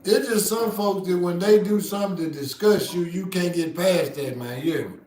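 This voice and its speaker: Man, podcast host, casual storytelling, swears a lot, loud outbursts, high voice. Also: normal speed. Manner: profane, animated, bursts into loud outbursts. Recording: roomy echo.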